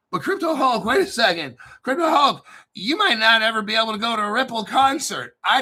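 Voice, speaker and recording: A man hosting a crypto channel, delivering a profane, combative rant and often clearing his throat. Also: sits high, pushed and bright. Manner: profane, combative, boastful ranting. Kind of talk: ranting solo commentary.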